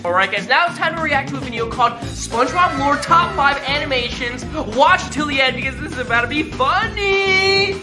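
A woman with a high voice and lively intonation talks a little fast, barely pausing, as she hosts a reaction video. Gasping and exclaiming, she keeps calling out to the audience as "guys." Music plays behind her in a roomy-sounding recording.

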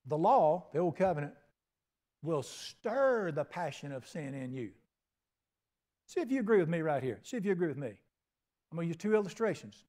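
Folksy preacher, high-pitched man. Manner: folksy preaching with acted-out dialogue and big swings in loudness. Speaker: pastor. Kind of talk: sermon.

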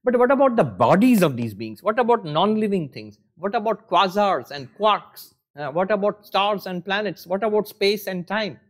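A monk teaching at a retreat, giving a spiritual discourse in a lively, conversational way, with rhetorical questions and self-mocking humor. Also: male voice, high-pitched, normal speed, hardly any pauses.

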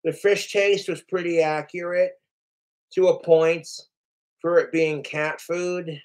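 A man's voice: fairly high pitch, level tone, slow pace. A man hosting his livestream, ranting casually and profanely, acting out the lines of others. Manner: profane, boastful, acts out quoted lines. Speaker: livestream host.

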